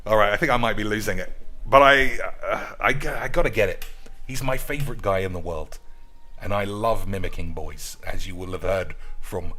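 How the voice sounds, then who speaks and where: Crude, excitable man. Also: lowish voice, moderate pace. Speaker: streamer. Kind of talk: card game stream commentary.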